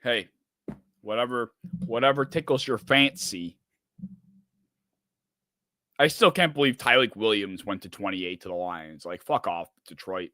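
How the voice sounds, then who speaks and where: A man's voice: lowish voice, unhurried, long pauses, bright, forceful tone, dry recording, clean studio sound. A man hosting a live sports reaction stream, rambling and swearing in frustration. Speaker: streamer host.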